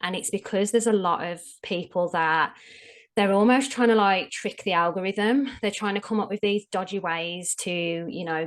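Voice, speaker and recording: Through a low-pitched, easygoing voice, a woman talks as an interview guest, laying out practical advice in a frank, chatty manner. She leans hard on her main warnings and keeps the explanations plain and friendly. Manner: frank, explanatory, emphatic on tips. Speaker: SEO strategist, podcast guest. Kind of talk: casual interview chat.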